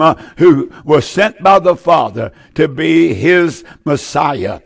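Older guy preaching, kinda high pitched, gets fired up and repeats stuff. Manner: fervent, repeats key phrases, draws out verses. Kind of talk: sermon.

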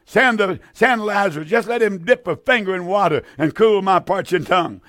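An anguished rich man begging for mercy from the flames, as a preacher voices him. His high voice is pleading and desperate. The sound is dry and close. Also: animated, normal speed, fairly bright tone, no room sound.

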